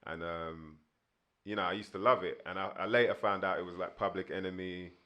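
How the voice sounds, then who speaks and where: Low-voiced man telling stories. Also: steady tone, a little fast, sharp tone, muffled recording. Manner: rambling with many fillers. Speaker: guest rapper. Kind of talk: casual storytelling interview.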